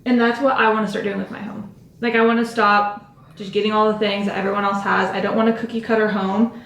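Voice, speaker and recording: A woman's voice: mid-range voice, level tone, quick pace, a bit bright, roomy sound. Chatty young woman vlogging at home. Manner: rambling, filler-heavy, self-interrupting. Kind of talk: chatty vlog talking to camera. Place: home, indoors, doing makeup.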